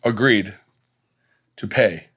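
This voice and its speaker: A man's voice: on the low side, slow pace, fairly bright tone, slightly rough. A man in casual podcast chat, chiming in with jokes and asides.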